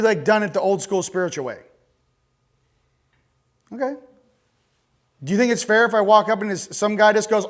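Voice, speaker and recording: A man speaking to a conference audience, animated and joking, blunt and crude as he makes his points. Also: sits high. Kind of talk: live talk to an audience.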